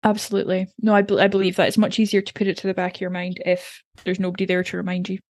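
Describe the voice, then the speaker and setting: A woman's voice: on the low side, monotone, racing, a little mellow, no echo. A woman co-hosting a podcast, chatting wryly and swearing casually as she recaps an episode. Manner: wry, swears casually, laughs often. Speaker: podcast co-host.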